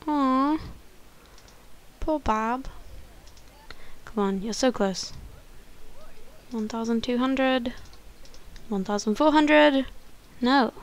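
A woman hosting a life-sim let's play, chatting excitedly, often gasping and squealing. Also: fairly high pitch. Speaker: gaming channel host.

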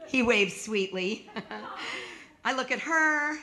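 A woman's voice: a little high, expressive, takes it slowly, sharp tone. A woman in her sixties telling a true personal story on stage, with wry comic timing and emphatic punchlines.

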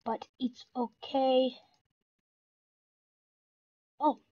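High-pitched excitable gamer narrating their match, dull lo-fi mic. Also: extremely slow, slightly rough, no room sound. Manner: excitable, talks to self while playing. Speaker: gaming channel host. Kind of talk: live gameplay commentary.

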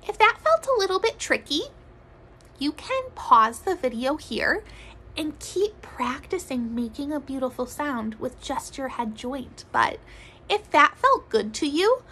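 A woman music teacher leading a children's recorder lesson, speaking gently in a sing-song way and sometimes dropping to soft whispers. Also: high voice, sing-song, measured pace, rough recording. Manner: drops to soft whispers to demonstrate.

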